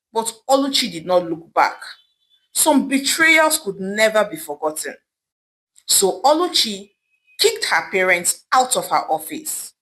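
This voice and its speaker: Expressive woman telling a folktale. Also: mid-range voice, a little slow, low-quality recording. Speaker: storyteller. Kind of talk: folktale narration.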